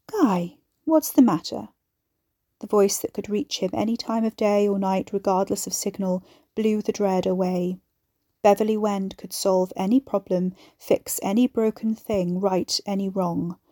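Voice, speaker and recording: A woman narrating a horror audiobook in a measured, even storytelling voice. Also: medium pitch, no echo, clean studio sound.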